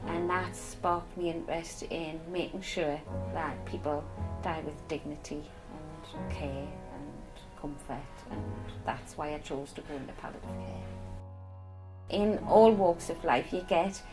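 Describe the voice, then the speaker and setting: This middle-aged woman's low voice is expressive and a little slow, heard over music in a rough recording. A palliative care nurse from Northeast England, she speaks warmly and candidly, emotional at moments, as she shares personal stories in a documentary interview.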